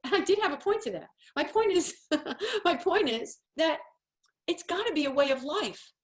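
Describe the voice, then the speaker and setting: A woman's voice: extremely high pitch, animated, normal speed. A woman in her fifties hosting a casual coffee-talk monologue, telling stories in a rambling, self-deprecating way. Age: 50s. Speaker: host.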